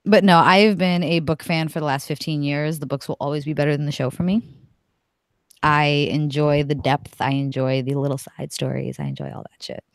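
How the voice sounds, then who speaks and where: A woman in her thirties chatting casually on a podcast, blunt and profane, with an animated way of talking. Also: deep voice, normal speed, creaky, no echo, studio quality. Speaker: podcast co-host guest.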